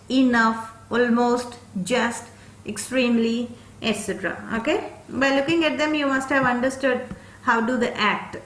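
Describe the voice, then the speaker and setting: A woman's voice: on the high side, fairly bright tone, roomy sound. A woman teaching an English grammar lesson, explaining step by step and checking in with "okay?" after each point.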